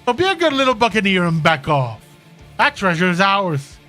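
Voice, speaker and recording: A man's voice: high voice, big pitch swings, moderate pace, bright, forceful tone, soft background music, full character voice. A man voicing a blunt, impatient young woman warrior in a fan voice-over of game dialogue, speaking dryly.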